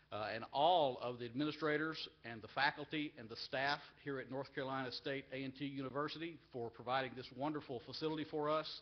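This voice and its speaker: A man delivers a heartfelt speech at a live university event, earnest and openly emotional. His pitch sits in a middling range, and he leans on repeated phrases for emphasis. The webcast audio is a little dull. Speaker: agricultural education association leader giving a speech.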